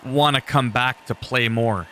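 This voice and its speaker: A man's voice: mid-range voice, measured pace, pushed and bright. A man rambling casually over his own gameplay as a gaming YouTuber, chatty and self-deprecating.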